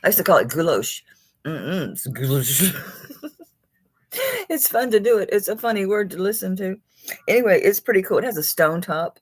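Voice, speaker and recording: A woman's voice: mid-range voice, lively intonation, moderate pace, pauses often. A woman hosting a live jewelry auction stream, chatting casually, chuckling and talking to the pieces she holds.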